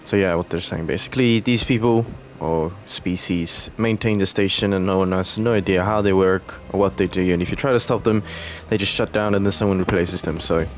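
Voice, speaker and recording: A young man with a very low voice narrates his gameplay in a relaxed, meandering way, often pausing on fillers. Faint game music plays under him. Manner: relaxed, rambling, hesitant fillers. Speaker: let's play host. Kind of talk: gameplay commentary.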